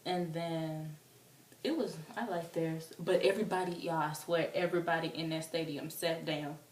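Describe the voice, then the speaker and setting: Young woman vlogger, lowish voice, excitable chatty storyteller, recorded roomy and a bit off-mic. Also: moderate pace, far from the mic, slight background noise. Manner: excitable, chatty, full of fillers. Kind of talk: casual storytelling.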